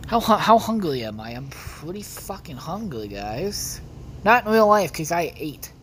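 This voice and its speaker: A woman's voice: fairly low pitch, big pitch swings, measured pace, slight background noise. A woman casually commenting on her own gameplay for viewers, rambling and swearing often. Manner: foul-mouthed, rambling, talks to viewers. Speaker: gaming video host. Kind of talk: casual let's-play commentary.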